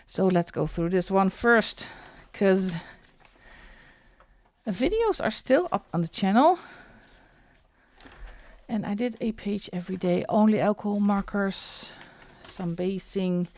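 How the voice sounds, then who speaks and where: A middle-aged woman hosting a coloring channel, chatting casually as she shows her books, with soft asides now and then. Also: mid-range voice, animated, no room sound. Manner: chatty, slow and unhurried, drops into soft asides. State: out of breath. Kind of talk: casual show-and-tell vlog.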